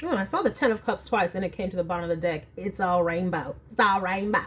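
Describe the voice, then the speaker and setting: A woman's voice: lowish voice, expressive, quick pace, breathy edge. A woman reading tarot cards at home in a casual, chatty way, thinking aloud as she draws each card. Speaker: tarot reader.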